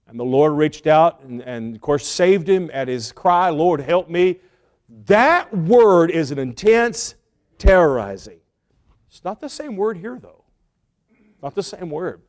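A man preaching a sermon, earnest, pausing and repeating words as he builds his points and acts out the quotes. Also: on the high side, sing-song, a little mellow.

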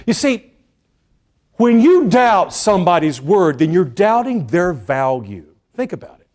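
A man preaching a sermon with animated emphasis, dropping to hushed asides and acting out the people he quotes. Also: medium pitch, takes it slowly. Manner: acts out quoted speakers in lively voices.

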